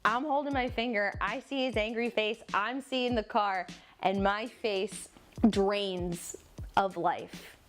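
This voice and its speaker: A young woman with a New Jersey accent chats into her camera in a casual storytime vlog. She tells the story in an animated, self-mocking way, with playful exaggeration. Faint music plays underneath. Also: mid-range voice, slow pace. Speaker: vlogger.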